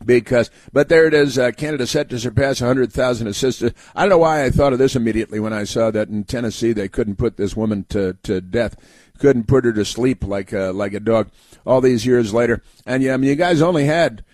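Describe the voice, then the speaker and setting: A man's voice: medium pitch, darkish tone, no echo. Sardonic man, dry close sound. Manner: halting, heavy fillers and restarts; sardonic, mock-cheerful asides. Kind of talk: sarcastic political commentary.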